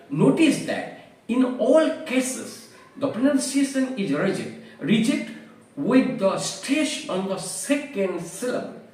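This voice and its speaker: A man giving a careful English vocabulary lesson, explaining each word slowly with examples. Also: high-pitched, slight background noise. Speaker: English teacher. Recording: very echoey room, voice far from the mic.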